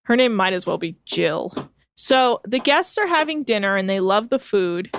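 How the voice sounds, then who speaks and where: A woman's voice: medium pitch, animated, normal speed, dry recording. A woman co-hosting a casual podcast chat, recapping with sardonic asides, swearing freely and quoting people offhand. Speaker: podcast co-host recapping a reality show. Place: home.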